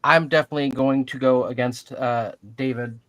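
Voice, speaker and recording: A man's voice: medium pitch, fairly even intonation, normal speed, a bit bright, no room sound. A man co-hosting a casual sports chat, joking and contrarian, with lots of fillers and restarts. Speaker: podcast co-host.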